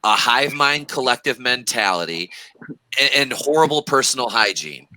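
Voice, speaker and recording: A man's voice: medium pitch, lively intonation, normal speed, pushed and bright, slight background noise, poor audio. A man co-hosting a casual podcast over a remote call, often repeating words as he searches for them. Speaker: podcast co-host. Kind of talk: casual chat. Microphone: remote call setup.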